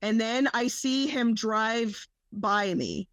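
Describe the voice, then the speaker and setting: A young woman co-hosting a podcast tells a rambling, casual story packed with swearing and quoted dialogue. Her voice is a little high, slow and a bit bright, with no echo but the highs cut off.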